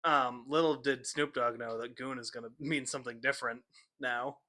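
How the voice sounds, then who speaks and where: A young man with a bright, forceful voice tells stories on a casual podcast. He is animated and laughs a lot. He acts out what other people said. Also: mid-range voice, normal speed. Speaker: podcast co-host. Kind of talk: casual storytelling chat.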